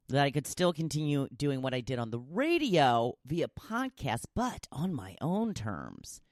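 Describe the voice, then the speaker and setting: A woman's voice: rumbling low, no room sound. Chatty goofy woman podcaster, dry sound. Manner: chatty and goofy, laughing between thoughts. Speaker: podcast host. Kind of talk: casual solo podcast monologue.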